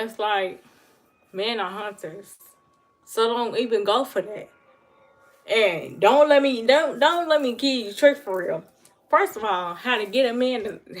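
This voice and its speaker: A woman giving blunt, emphatic advice to her viewers on a casual livestream and answering the chat. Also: on the high side. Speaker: livestream host.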